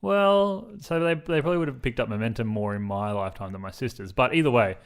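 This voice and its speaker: A man's voice: fairly low pitch, fast talker. A man in his thirties co-hosting a podcast, chatting in a playful, jokey way. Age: 30s. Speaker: podcast co-host. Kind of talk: casual chat.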